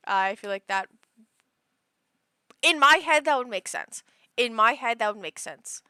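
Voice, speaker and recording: A woman's voice: fairly high pitch, lively intonation, measured pace, long pauses, bright, forceful tone, clear, resonant tone, no echo. A young woman livestreaming, chatting casually in a rambling way, full of fillers and restarts. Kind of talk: casual chat.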